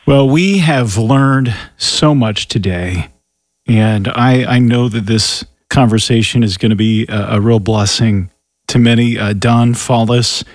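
Male host, mid pitch, measured and polite, dry close mic. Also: no room sound. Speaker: radio show host. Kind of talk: closing a radio interview.

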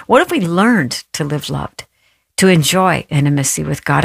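A woman's voice: fairly low pitch, gravelly, husky, no echo, clean studio sound. A woman hosting a faith talk show, telling a personal story in an earnest, heartfelt way and speaking directly to listeners to encourage them. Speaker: radio show host.

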